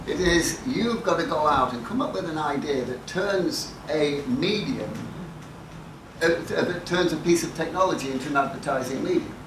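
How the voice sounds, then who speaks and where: A man's voice: a little high, moderate pace. An older man giving a talk to an audience, telling wry, profane anecdotes from his career in a dry, self-mocking way. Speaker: conference speaker. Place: lecture hall with audience. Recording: echoey hall, mic at a distance, noisy.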